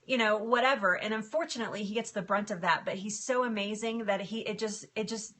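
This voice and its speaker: A middle-aged woman chatting casually on a live stream, emotional and quick to laugh, answering viewer comments. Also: medium pitch, a bit bright. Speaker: livestream host.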